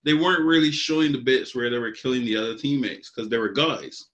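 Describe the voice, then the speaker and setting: A young father co-hosting an anime podcast, telling a story in a relaxed, joking way. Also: mid-range voice, fairly quick, highs cut off. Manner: laid-back storyteller, laughing, dramatic asides. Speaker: podcast co-host. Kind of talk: casual chat.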